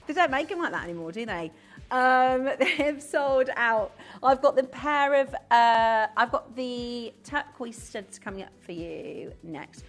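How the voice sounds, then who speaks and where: Chatty woman, lively pitch. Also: slow pace, faint music behind. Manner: chatty, full of rhetorical questions. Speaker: shopping channel presenter. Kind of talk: live TV selling chat. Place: TV studio.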